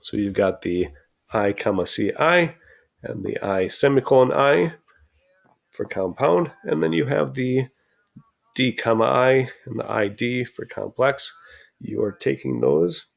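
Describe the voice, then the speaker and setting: Male teacher for a grammar lesson video; slow, patient, pausing often, with a gravelly edge. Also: medium pitch. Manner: slow, patient explaining with frequent pauses.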